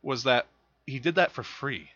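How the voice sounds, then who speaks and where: Joking podcast guy telling movie stories, bright voice, muffled lo-fi audio. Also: mid-range voice, normal speed, dry recording. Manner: jokey storyteller who teases his co-host. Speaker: film podcast co-host. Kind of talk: casual chat about films.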